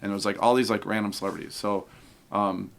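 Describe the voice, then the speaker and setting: Man, podcast guest, rapid-fire talk, lowish voice, casual storytelling, acts out voices. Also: gravelly. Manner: fast, animated, acts out quoted voices.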